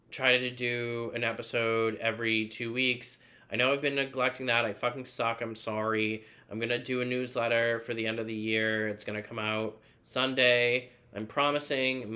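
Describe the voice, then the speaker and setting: A man's voice: mid-range voice, bright, forceful tone. A man hosting his own podcast, talking in a rambling, profane, self-deprecating solo monologue full of filler words. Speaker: podcast host.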